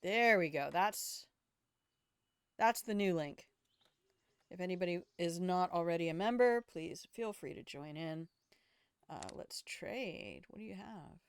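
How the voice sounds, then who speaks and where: A woman's voice: fairly low pitch, measured pace, long pauses, smooth, no echo. An older woman streaming a video game, chatting casually, thinking aloud and swearing freely. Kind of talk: casual gaming commentary.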